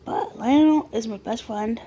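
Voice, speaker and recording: A woman in her early twenties telling a personal story to her camera late at night at home, excitable and animated, often restarting her sentences. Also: a little high, a little slow, dull audio, a little hiss or hum. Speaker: vlogger. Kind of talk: casual storytelling vlog.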